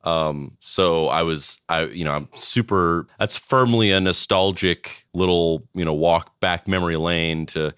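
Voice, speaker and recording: A man's voice: low-pitched, measured pace, hardly any pauses, a bit bright, smooth, no room sound, clean studio sound. A man co-hosting a podcast, chatting casually and rambling a bit. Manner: rambling, loose conversational delivery. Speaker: podcast co-host. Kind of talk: casual chat.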